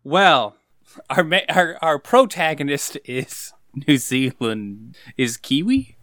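Smooth, dry-sounding male co-host. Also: a little high, animated, slow pace, a bit bright, no room sound. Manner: easygoing, hesitant fillers, laughs along. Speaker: podcast co-host. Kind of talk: casual movie podcast chat.

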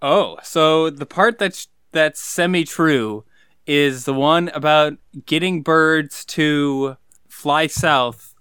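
A man's voice: on the high side, slow pace, pushed and bright, clean tone, no echo, clean studio sound. A man co-hosting a casual movie podcast, easygoing and hesitant, with many fillers. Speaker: podcast co-host.

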